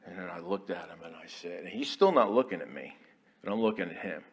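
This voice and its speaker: A man, an Army chaplain preaching a folksy, storytelling sermon in a church, dropping to quiet asides and rising to loud declarations. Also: low voice, lively intonation, brisk. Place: church sanctuary.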